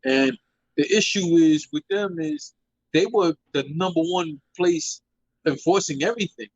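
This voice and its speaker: A man's voice: high voice, big pitch swings, unhurried, gravelly, husky, no echo. A man talks bluntly in casual chat, stressing his points and swearing freely. The sound is dry and a little dull, with no room to it. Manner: blunt, profane, emphatic.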